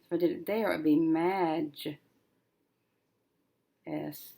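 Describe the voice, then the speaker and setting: Slow, gravelly low-voiced woman teacher. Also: steady tone, mellow. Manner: slow, thinking aloud, sounding out syllables. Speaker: reading teacher. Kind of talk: recorded syllable-division lesson.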